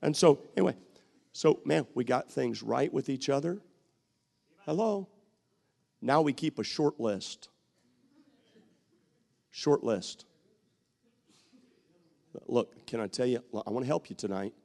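A man preaching a sermon, bantering with the congregation, repeating phrases for emphasis and sometimes shouting. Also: medium pitch, lively intonation, slow pace, creaky, long pauses.

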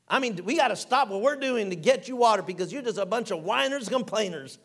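A middle-aged man preaching a folksy, animated sermon, acting out quotes and reading scripture aloud. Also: high-pitched, a little fast, few pauses.

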